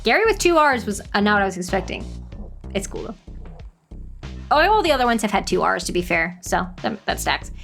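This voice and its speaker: A woman's voice: mid-range voice, very animated, a little fast, creaky, pauses often, a bit bright, faint music behind. A woman streamer chatting casually and laughing easily as she plays a game.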